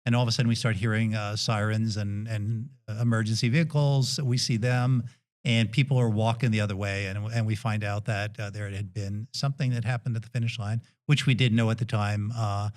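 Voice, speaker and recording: A middle-aged man with a Brooklyn accent, a podcast guest telling a story in a relaxed, gentle way with many hesitations. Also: on the low side, brisk. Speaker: guest dentist and endurance athlete.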